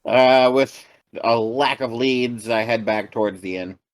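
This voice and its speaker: A man playing a tabletop game and describing his character's actions in a relaxed, hesitant way. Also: mid-range voice, unhurried, no room sound. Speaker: player. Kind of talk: tabletop game play, casual chat.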